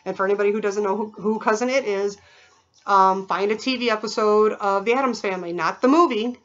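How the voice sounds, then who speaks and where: A woman's voice: medium pitch, fairly quick, lo-fi sound. A woman vlogging in a casual, rambling way, full of fillers and imitated sounds. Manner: chatty, digressive, with many fillers and imitated sounds.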